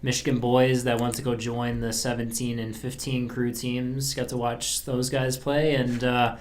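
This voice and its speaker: A man's voice: medium pitch, flat delivery, unhurried, slight background noise. Laid-back man rambling through scores. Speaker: youth soccer scout. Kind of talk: casual sports chat.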